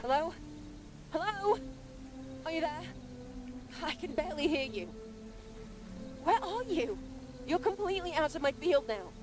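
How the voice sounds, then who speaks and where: A woman's voice: extremely high pitch, big pitch swings, a little slow, long pauses, over music, full character voice. An actress playing an anxious woman calling out over a failing line in a video game. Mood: worried. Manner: worried, calling out. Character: anxious woman lost on a radio call.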